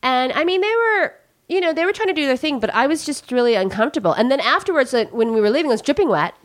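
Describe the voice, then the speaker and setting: Woman, casual chatty storytelling, pitch moving all over, lots of "like". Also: animated, fast. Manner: chatty, fillers, laughs easily. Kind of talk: casual podcast chat.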